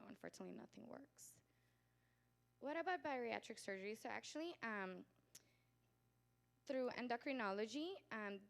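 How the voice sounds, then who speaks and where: A woman doctor giving a lively conference lecture, acting out patients and relatives and laughing often. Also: medium pitch. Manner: animated storyteller, acts out patients and family; laughs often, talks with growing volume. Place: conference hall.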